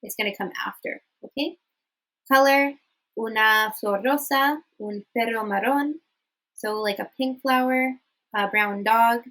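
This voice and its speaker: A woman's voice: fairly high pitch, unhurried, a bit bright, rough recording. A young woman teaching a casual online language lesson, chatty, with many fillers and frequent "okay?" checks. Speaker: Spanish teacher.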